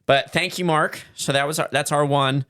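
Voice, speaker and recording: A man's voice: on the high side, steady tone, moderate pace, a bit bright, clean tone, no room sound, studio quality. A man co-hosting a podcast, chatting casually and riffing through a sponsor read with loose fillers. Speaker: podcast co-host.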